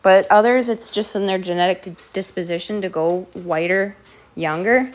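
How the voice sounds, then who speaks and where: A woman hosting a home live stream, playfully giving her dogs quick commands and thanking viewers, a bit out of breath. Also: mid-range voice. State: slightly out of breath. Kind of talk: live stream chat while training dogs.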